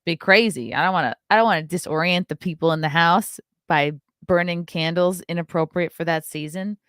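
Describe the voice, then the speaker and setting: A woman's voice: lowish voice, fairly quick, fairly bright tone, clean tone, no room sound, clean studio sound. A woman in her thirties hosting a casual morning show, chatty and sarcastic, swearing freely. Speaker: show host.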